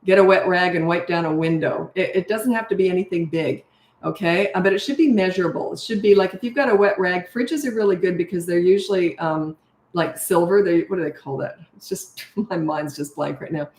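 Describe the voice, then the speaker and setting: Middle-aged woman coach answering comments live, blunt, lots of okay? right?, lowish voice in a roomy echo. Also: brisk, a little mellow. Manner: blunt and direct, frequent tag questions. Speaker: parenting coach.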